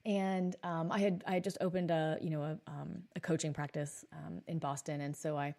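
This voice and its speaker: Thirties woman coach hosting a podcast; low-pitched, animated and blunt, swears for emphasis. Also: moderate pace, creaky. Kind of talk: podcast monologue with storytelling.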